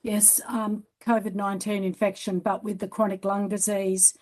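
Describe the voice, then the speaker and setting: A woman's voice: mid-range voice, little pitch movement, normal speed, darkish tone. An Australian woman giving expert medical testimony at an inquest, concise and matter-of-fact.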